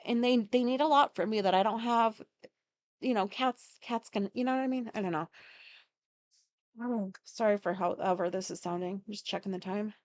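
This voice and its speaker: A woman podcast host rambles through her day in a casual monologue packed with fillers and swearing. Her voice is medium-pitched at a normal speed, with no echo.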